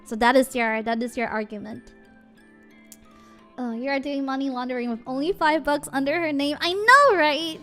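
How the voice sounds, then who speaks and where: A woman streamer in casual livestream chat, animated and giggly. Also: high voice, moderate pace, soft background music. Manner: animated, giggly, switches between English and Japanese.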